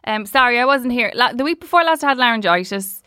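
Dublin Irish woman, podcast co-host, quick chatty storyteller, dry close sound. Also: on the high side, expressive, sharp tone, smooth, dry recording. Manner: chatty, storytelling, swears freely. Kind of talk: casual chat.

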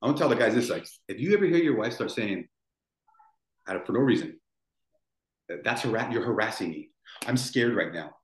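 This podcast guest, a man in his forties, speaks in a fairly low, animated voice at a slightly fast pace, pausing often. He rambles through a painful, emotional story with restarts and repetition, and the room echo is noticeable.

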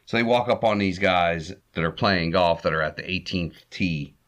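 Deep-voiced man casually recapping. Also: moderate pace, lo-fi sound. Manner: chuckles often, relaxed with fillers. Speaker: podcast host. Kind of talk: casual recap of an old comedy short.

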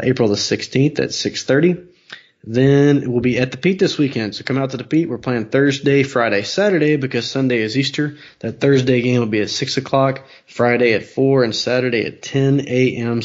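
Male podcast co-host, relaxed and easygoing, reading off stats, slightly muffled recording. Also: mid-range voice. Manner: relaxed, reads scores and schedules. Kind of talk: casual sports podcast chat. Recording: slightly dull lo-fi sound.

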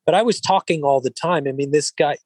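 A man, an actor being interviewed, who talks in an even-keeled, mellow way, rambling with frequent restarts and filler phrases. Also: on the high side, a little fast, no echo, low-quality recording. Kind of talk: relaxed interview conversation.

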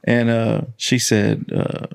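This young man, a country singer hosting a casual podcast, talks slowly at medium pitch with vocal fry. His storytelling is animated and laced with swearing, and he acts out quoted voices.

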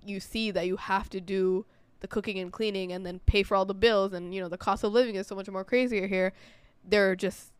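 A young adult woman from the United States with an American accent, co-hosting a casual chat in a quick, chatty way and laughing often. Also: mid-range voice, fairly even intonation, smooth, dry recording. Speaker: podcast co-host.

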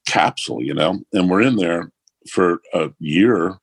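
Low, husky man, casual and profane, dry recording. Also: normal speed, dry recording. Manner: profane, animated anecdote-telling. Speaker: musician guest. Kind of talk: casual storytelling.

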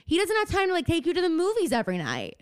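A woman co-hosting a podcast in casual chat, animated and profane, breaking into mocking impressions. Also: very high-pitched, rapid-fire, no echo, studio quality. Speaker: podcast co-host.

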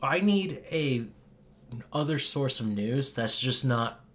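A man's voice: medium pitch, animated, slow pace, a bit bright. A man co-hosting a podcast in casual chat, wry, blunt and opinionated. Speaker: podcast co-host.

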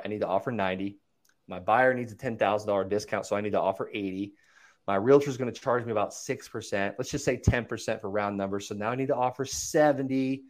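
A man, a land investor, chatting as a podcast guest, walking through numbers and acting out angry callers. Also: on the low side. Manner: animated storyteller, acts out callers' voices. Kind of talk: casual podcast interview.

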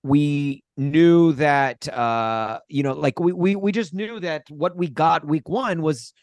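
A man co-hosting a sports podcast, telling stories in a rambling, exasperated, animated way. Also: a little high, takes it slowly, no room sound. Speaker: podcast co-host. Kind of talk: casual sports podcast chat.

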